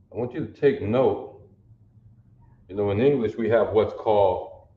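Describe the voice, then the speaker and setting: A man teaching a language class, slow and patient, sounding out each syllable aloud. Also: lowish voice, echoey room, highs cut off. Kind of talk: classroom lesson.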